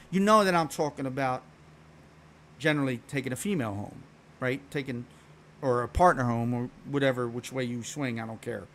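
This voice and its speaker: Man, Philadelphia accent, streamer, casual slangy chat into a mic, middle-pitched voice. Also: expressive, a little fast, a bit bright, a little hiss or hum. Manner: slangy, laid-back, explanatory, swears casually. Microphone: streaming microphone.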